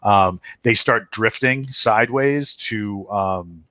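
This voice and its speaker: A man narrating a tabletop game as game master, halting with many fillers and restarts while he describes the scene. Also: lowish voice, bright, forceful tone, no room sound.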